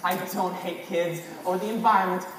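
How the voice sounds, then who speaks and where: A woman's voice: on the low side, steady tone, a little fast, background noise, close to an everyday voice. A teenage girl playing a bossy, flustered stage narrator who stammers and puts on a British accent in a school chapel comedy skit. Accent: put-on British. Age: teens. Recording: echoey hall, distant mic, music.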